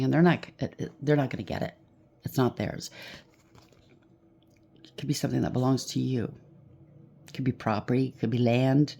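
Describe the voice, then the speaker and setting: This tarot reader's voice is low, creaky, and mellow. At home with a washing machine going nearby, she does a collective reading and keeps reassuring her audience, leaning on fillers and saying "okay?" again and again.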